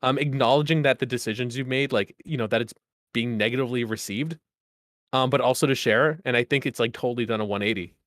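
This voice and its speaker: A male podcast co-host rambles through casual conversation at a quick pace, with lots of fillers and restarts. His medium-pitched voice is a bit bright, recorded cleanly in a studio with no echo.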